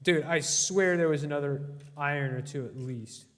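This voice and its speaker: A man's voice: a little high, moderate pace, fairly bright tone. A young man streaming a game, giving casual gameplay commentary, yelping in alarm and bantering with his chat. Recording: long reverb.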